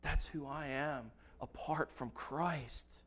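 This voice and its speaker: A man preaching a sermon, reading scripture slowly and earnestly with emphatic stresses. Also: a little high, fairly bright tone. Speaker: pastor.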